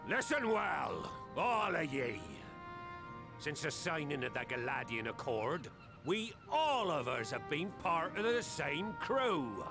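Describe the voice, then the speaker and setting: Old sea-dog captain for a game cutscene, gravelly and slow, with game music behind. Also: male voice, a little high, sing-song, exaggerated voice. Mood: scolding. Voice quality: rough pirate brogue, growled. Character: gruff old male pirate captain, stern and proud.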